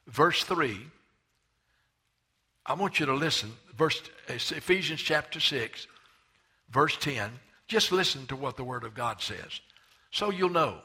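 A man in his seventies preaching a sermon as pastor, emphatic and slowing down to stress the scripture he reads. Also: a little high, sharp tone, husky. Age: 70s.

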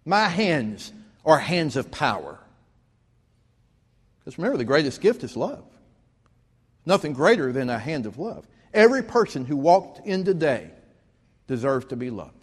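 A man's voice: fairly high pitch, big pitch swings, a little slow, pauses often, husky, big-room sound. A man, preaching a sermon as pastor, telling stories with rising emphasis. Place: church sanctuary.

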